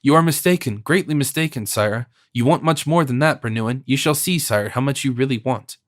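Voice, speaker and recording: A sardonic old-world cardinal speaks from his sickbed in a hoarse, scornful voice, put on by a male audiobook reader. He meets every plea with irony and cold calculation. The recording is dry, with no room sound. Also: mid-range voice, brisk, no echo, close to an everyday voice. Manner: ironic, disdainful.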